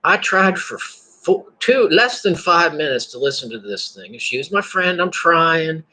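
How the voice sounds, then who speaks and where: Guy rambling on to his viewers, kinda raspy, bright edgy tone, lots of restarts. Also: a little high, big pitch swings, a little slow, low-quality recording. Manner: rambling, repeats words and restarts, laughs to himself. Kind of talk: casual spoken monologue.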